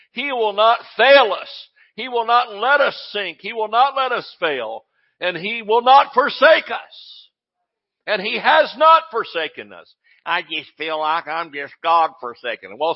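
High-voiced preacher man, animated. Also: muffled recording. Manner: animated preaching, exclamations and laughter. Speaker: pastor. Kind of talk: sermon.

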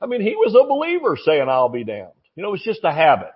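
A man's voice: sits high, wildly swooping pitch, fast talker, breathy edge, muffled recording. A man preaching a sermon in a folksy, joking, emphatic way.

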